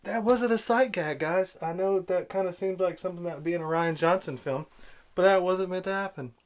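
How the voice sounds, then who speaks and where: A man's voice: high voice, fairly quick. A man giving an angry, sarcastic movie review rant, exasperated and repeating himself. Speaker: video blogger.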